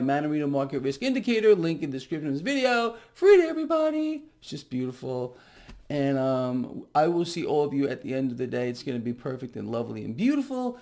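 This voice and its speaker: A middle-aged man doing a casual market commentary vlog to camera, sarcastic and animated, mocking officials with sudden outbursts. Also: fairly high pitch.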